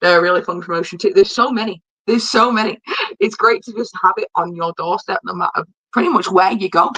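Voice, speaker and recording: A woman's voice: medium pitch, a little fast, fairly bright tone, slightly rough, no echo, rough recording. A woman, a podcast guest chatting casually over a remote call, friendly and laughing easily. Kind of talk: casual chat. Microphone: remote call mic.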